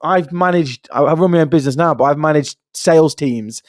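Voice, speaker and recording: A man's voice: a little high, fairly quick, dry recording. Guy co-hosting a chat podcast, acts out pub banter, dry mic. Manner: animated storyteller, acts out pub chatter. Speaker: podcast co-host. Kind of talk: casual conversation.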